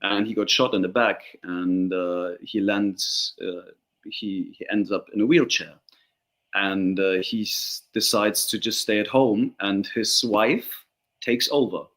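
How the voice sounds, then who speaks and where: A man's voice: fairly low pitch, takes it slowly. A man, an actor whose first language is Turkish, chatting in a casual interview and acting out the people in his stories. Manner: animated storyteller, acts out quoted voices.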